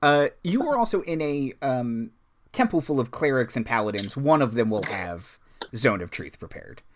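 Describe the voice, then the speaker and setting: A man's voice: mid-range voice, animated, moderate pace, slight background noise. A man narrating a tabletop game as game master, rambling along with lots of ums and likes.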